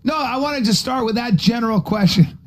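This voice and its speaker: A man in his fifties hosting a podcast, teasing his guest and protesting in disbelief during casual comic banter. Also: very high-pitched. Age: 50s. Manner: incredulous, teasing, quick to protest. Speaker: podcast host.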